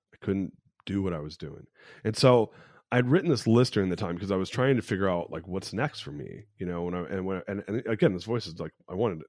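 Low-voiced man in his forties, solo podcast host, candid rambling storyteller, dry close sound. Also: darkish tone, no echo. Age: 40s. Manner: candid, rambling, with frequent restarts and fillers.

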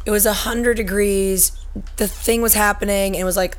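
A woman's voice: medium pitch, steady tone, a little fast. A woman in casual chat, telling a beach story and acting out what people said. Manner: chatty, laughing, acts out quotes.

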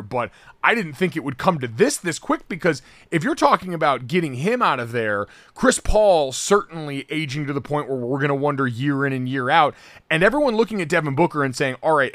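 An animated man co-hosting a sports podcast, his pitch swinging widely and his voice bright and forceful. He talks in a loose, sarcastic way and slips into loud mock outrage. The sound is dry and close, with no room echo. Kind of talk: casual sports talk.

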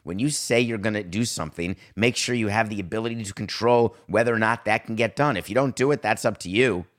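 A middle-aged man hosting a sports talk show, animated and sarcastic, slipping into mocking voices. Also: lowish voice, fast talker. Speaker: podcast host.

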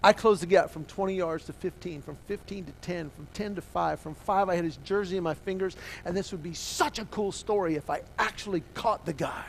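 A middle-aged man preaching and telling a personal story, swinging from hushed to loud as he acts out the dialogue. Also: high-pitched, fairly quick, vocal fry, few pauses, slight background noise. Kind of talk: sermon storytelling.

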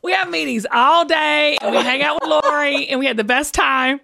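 A woman hosting a podcast, telling stories in an animated, laughing way. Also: sits high, moderate pace, vocal fry. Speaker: podcast host. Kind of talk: casual chat.

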